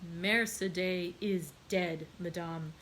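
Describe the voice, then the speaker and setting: A woman reading aloud and voicing a vengeful aristocratic count who speaks with calm, measured iciness. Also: fairly low pitch, a little hiss or hum, rough recording. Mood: cold.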